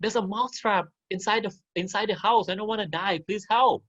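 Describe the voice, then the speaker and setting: A man voicing a scared little male mouse who pleads for help, in a squeaky voice, while telling a story to an online class. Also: moderate pace, a bit bright, muffled recording. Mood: pleading.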